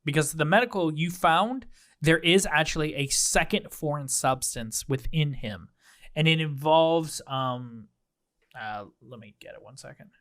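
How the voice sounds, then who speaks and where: Male game master, slightly raised pitch, casual loose narration, quick to laugh. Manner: laughs often, bursts into loud character voices.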